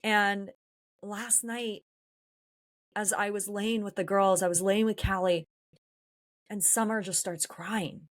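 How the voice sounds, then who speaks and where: A woman's voice: medium pitch, fairly even intonation, slow, pauses often. A woman from San Diego hosting a podcast, talking through her feelings in a candid, introspective personal monologue. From San Diego, California. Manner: candid, introspective, emotionally open. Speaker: podcast host.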